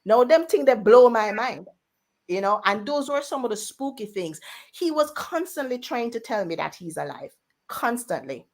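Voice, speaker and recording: Lady on the radio telling a story, animated, does everyone's voices. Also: a little high, moderate pace. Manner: animated, voices family members in quotes. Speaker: radio guest. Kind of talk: personal storytelling.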